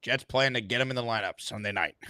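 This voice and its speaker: A man's voice: mid-range voice, brisk, sharp tone, no room sound. Upbeat man hosting sports talk. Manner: upbeat and emphatic. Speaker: sports show host.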